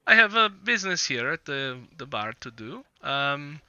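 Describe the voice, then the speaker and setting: A man playing a jovial caravan leader, hearty, bright, dull lo-fi sound. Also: fairly high pitch, big pitch swings, normal speed, clean tone, no room sound, full character voice. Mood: friendly.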